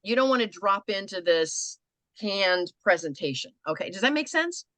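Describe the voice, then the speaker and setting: Lively older American coach woman. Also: medium pitch, moderate pace, dry recording. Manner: conversational, animated, acts out quoted people. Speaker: business coach. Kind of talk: coaching a group online.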